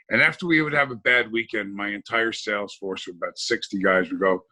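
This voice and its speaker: A man's voice: fairly low pitch, moderate pace, bright, forceful tone, rough recording. A man chatting casually on a podcast in an easygoing, joking way. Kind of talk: casual chat.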